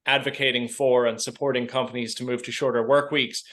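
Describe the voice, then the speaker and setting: Irish man, mild Midwest accent, mid-pitched, thoughtful and articulate. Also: flat delivery, fairly quick, fairly bright tone. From Ireland. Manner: thoughtful, articulate, some hesitant restarts. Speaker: interview guest. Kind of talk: conversational interview answers.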